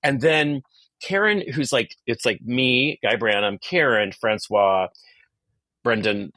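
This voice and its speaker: A male comedian guest telling a gossipy story on a podcast, animated and quick to leap up in pitch when quoting others. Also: no room sound.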